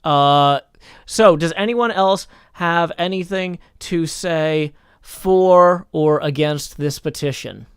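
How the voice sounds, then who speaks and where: Streamer man with a fairly high, smooth voice, running things like a formal court. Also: no echo, clean studio sound. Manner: measured, mock-formal like a judge. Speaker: streamer hosting a game server. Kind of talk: casual livestream chat.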